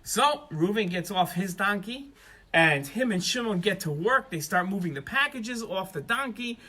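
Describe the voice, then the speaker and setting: A man narrating a children's story as a storyteller, in an animated, expressive way. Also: high voice, moderate pace.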